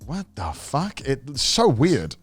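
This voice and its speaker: A young man tells a story on a podcast, casual and animated. He swears freely and acts out what other people said. His pitch swings widely, and the sound is dry, with no room echo. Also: takes it slowly, slightly rough, soft background music. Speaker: podcast co-host.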